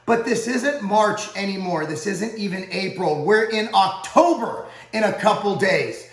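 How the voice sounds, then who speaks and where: A man's voice: sits high, expressive, a little slow, echoey room, rough recording. A man who owns a supplement company, talking straight to camera in a heated, profane rant. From United States. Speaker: supplement company owner and channel host.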